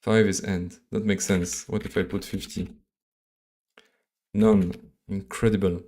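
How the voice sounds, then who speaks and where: A man from Belgium with a French accent, live-coding on a stream and thinking aloud in a halting, mumbling way full of fillers and restarts. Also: deep voice, flat delivery, darkish tone.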